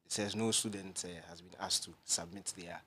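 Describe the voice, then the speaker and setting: A man's voice: deep voice, fairly even intonation, fairly quick, bright, forceful tone, a little hiss or hum. A Ghanaian man hosting a radio breakfast show, telling a story animatedly and acting out the voices. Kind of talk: lively studio banter. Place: radio studio.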